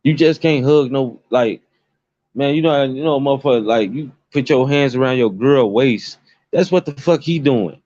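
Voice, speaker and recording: A man's voice: medium pitch, moderate pace, a little mellow, no echo. A man giving rambling, profane commentary to his viewers, emphatic and repetitive. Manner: emphatic, repetitive, swears constantly. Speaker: commentary vlogger. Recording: dull lo-fi dry recording.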